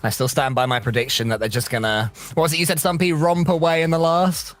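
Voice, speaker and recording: A man's voice: fairly high pitch, level tone, fast, fairly bright tone. A man bantering playfully on an esports desk as an analyst.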